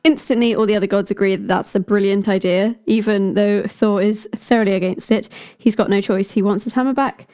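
A woman's voice: mid-range voice, steady tone, brisk, few pauses, darkish tone. A woman casually retelling a myth with chatty, jokey asides. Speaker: storyteller.

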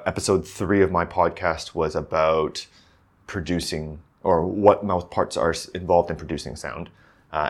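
Very low-voiced man musing on his podcast. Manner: thinking aloud, with many fillers and restarts. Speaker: podcast host, accent coach. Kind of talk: casual solo podcast monologue.

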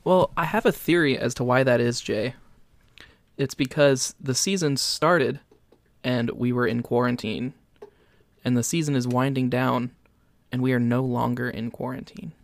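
A man's voice: mid-range voice, a little slow, no echo. Wry man co-hosting, dry close sound. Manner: wry, joking asides. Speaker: podcast co-host. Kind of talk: casual chat.

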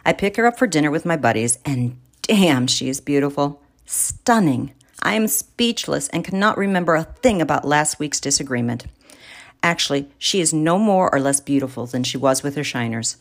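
A woman reading a first-person story aloud in a wry, theatrical manner. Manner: wry, theatrical, big swings in pitch. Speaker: narrator.

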